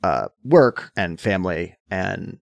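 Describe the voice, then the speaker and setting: A hoarse man co-hosting a podcast, explaining things in casual chat and getting animated at times. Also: deep voice, slow pace, no echo. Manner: explanatory, gets animated and mock-indignant. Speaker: podcast co-host.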